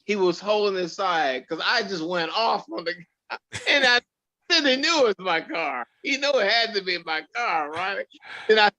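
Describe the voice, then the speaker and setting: Animated male storyteller, bright voice. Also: sits high, normal speed. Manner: animated storyteller who acts out quoted dialogue. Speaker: actor guest. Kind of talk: storytelling in an interview.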